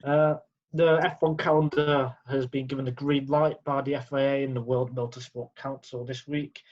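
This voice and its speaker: Halting male podcast co-host, husky voice, dull lo-fi sound. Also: mid-range voice, level tone, a little mellow. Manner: halting, stumbles over words. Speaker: podcast co-host presenting news. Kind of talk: casual podcast chat. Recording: dull lo-fi audio.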